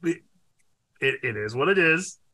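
Young male co-host, lively swinging pitch, bright edge, swears freely. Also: unhurried. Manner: animated, profane, breaks into loud exclaims. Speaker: podcast co-host. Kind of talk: casual chat.

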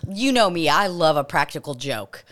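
Woman podcast host, kinda low voice, goofy and laughy, casual banter. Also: sing-song, normal speed, fairly bright tone. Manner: jokey, laughs often, mock-soothing when leading breathing. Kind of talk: casual comedic chat. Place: hot indoor studio room.

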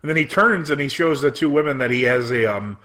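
Fast-talking man in casual chat. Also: medium pitch, expressive, fairly bright tone. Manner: quick, filler-heavy recapping with laughs. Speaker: podcast co-host.

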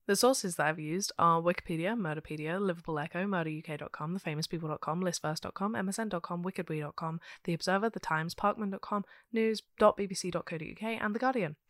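A woman with a London accent, co-hosting a podcast and telling a true crime case in a steady, matter-of-fact way with dry asides. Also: fairly low pitch, fast talker, hardly any pauses, no echo. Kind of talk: casual chat reading out researched notes.

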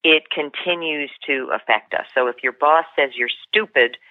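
A woman with a low voice appears as a guest on a podcast, where she is introduced as an author and leadership coach. Speaking at normal speed, she tells a story earnestly and emotionally, often restarting her sentences. The dry recording comes through a tinny phone line with no echo.

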